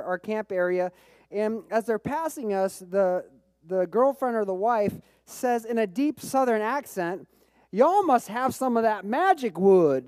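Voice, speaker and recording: A man preaching a sermon as pastor, telling a personal story with bursts of excitement and frequent repeated words. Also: high voice, no room sound. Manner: repeats words when restarting phrases.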